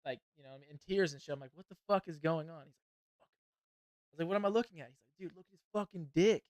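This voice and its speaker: A young man hosting a casual podcast, his voice sitting a little high and coming across clean and smooth. He swears freely and laughs his way through a wild story. The sound is dry, with no room in it. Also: fast, dry recording. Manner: profane, laughing, excited storyteller. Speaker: podcast host. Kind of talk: casual storytelling and fight commentary.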